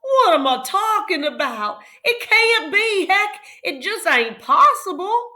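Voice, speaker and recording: A woman voicing a tiny, startled, folksy cowboy man who drawls his exclamations slowly. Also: very animated, bright, forceful tone, heavily acted. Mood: astonished. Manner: drawling, slow, high-pitched exclamations.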